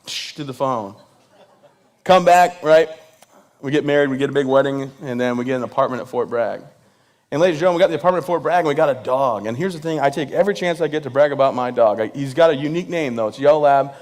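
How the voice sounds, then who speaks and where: A veteran from Michigan does stand-up comedy storytelling with a medium-pitched, slightly mellow voice at a quick pace. He addresses the audience directly, making jokes at his own expense.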